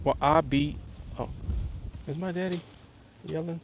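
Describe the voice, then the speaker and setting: Male host, laid-back drawl, raspy fry, outdoor stream with muffled lo-fi audio. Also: a little high, steady tone, measured pace, a little hiss or hum. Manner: laid-back, drawling, shouts to his father. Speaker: fishing livestream host. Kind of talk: casual livestream chat. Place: outdoors by a lake bank.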